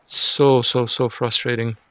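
A man's voice: mid-range voice, flat delivery, slow, a bit bright, dry recording. A man giving casual, rambling gameplay commentary, often frustrated and self-mocking. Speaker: gaming streamer.

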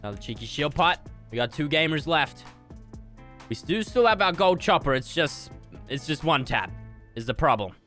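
A young man giving jokey, excitable gameplay commentary with sudden yelps. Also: fairly high pitch, normal speed, soft background music. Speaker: gaming YouTuber.

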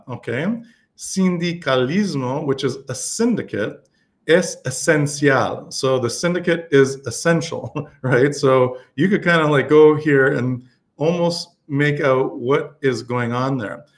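A man's voice: medium pitch, slow pace. A man teaching a Spanish lesson on a live stream, talking casually with many fillers and restarts.

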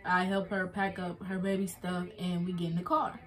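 A woman's voice: lowish voice, level tone, normal speed. A young woman vlogger speaks. She retells a hard personal story in a loose, casual way, with many fillers and restarts.

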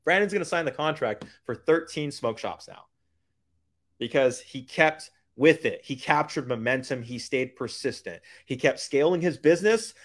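A man giving a hyped motivational business pitch, using street slang and repeating lines for emphasis. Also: expressive, normal speed, a bit bright. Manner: hyped, keeps calling out to "guys". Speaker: business coach.

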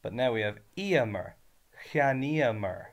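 A man's voice: mid-range voice, expressive, normal speed. A man with an Irish accent teaching a revision lesson, patient and spelling words out syllable by syllable.

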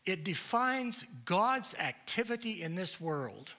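Man lecturing at church, emphatic and deliberate, slightly high voice, unhurried delivery. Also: expressive, bright, forceful tone. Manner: deliberate, emphatic, asks rhetorical questions.

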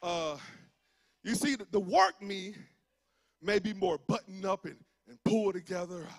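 A pastor from Georgia with a Southern accent, preaching a fervent sermon that swings from shouts into a sing-song cadence, with many "uh" fillers. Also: male voice, high-pitched, lively intonation, measured pace. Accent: Southern US (rural Georgia). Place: church sanctuary.

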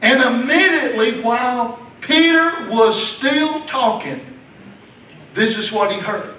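A man with a Southern US accent preaching a sermon as pastor, dropping to a hush and then bursting into shouts. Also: very high-pitched, slow, slight background noise. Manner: preaching with sudden loud outbursts. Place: church sanctuary. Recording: echoey church hall, distant mic.

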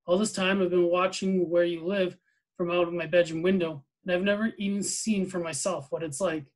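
Eager young boy, read aloud by a man, earnest, curious, a touch high-pitched, storybook reading. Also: steady tone, normal speed, natural voice, poor audio.

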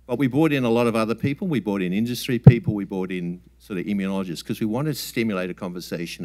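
A man giving a relaxed, plain-spoken scientific talk at a summit, with frequent ums and restarts. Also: fairly low pitch, quick pace, few pauses. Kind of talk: conference talk with slides.

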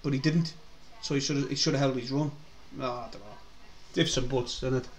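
A man's voice: medium pitch, fairly quick. A man with a North East English accent, chatting casually on a football live stream, reactive and sweary. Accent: North East England. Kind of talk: casual live match chat.

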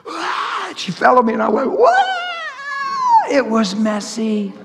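A man's voice: sits high, moderate pace, creaky, a little hiss or hum. A middle-aged man preaching a sermon in a church, telling stories and acting out the people in them. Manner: animated storytelling, acts out quotes. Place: church hall. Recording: long echoing church reverb.

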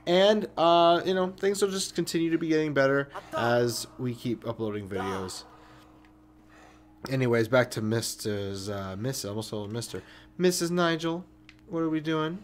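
Gamer dude doing let's play commentary, unhurried but jumpy voice, cussing at the screen. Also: male voice, fairly high pitch, slight background noise. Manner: excitable, swears, jokes at the screen. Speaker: gaming commentator. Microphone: new desk mic with webcam.

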